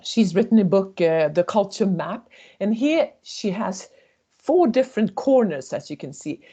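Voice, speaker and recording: A woman leads a webinar on intercultural communication. Her voice is mellow and her intonation is animated. She tells short stories and slips into the voices of the people in them. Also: mid-range voice, a little slow, slightly rough, highs cut off. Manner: storytelling, acting out quoted voices. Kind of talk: webinar presentation.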